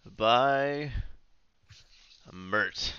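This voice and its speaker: A man's voice: medium pitch, very slow, bright, forceful tone, smooth, no echo, lo-fi sound. A man playing in a tabletop game, speaking casually and laughing as he plays along. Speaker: player.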